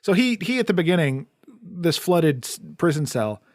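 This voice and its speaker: A man's voice: a little high, big pitch swings, moderate pace, darkish tone, dry recording. A man co-hosting a podcast, chatting casually about a film and rambling through restarts and fillers. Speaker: podcast co-host. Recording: dry, close-miked basement studio.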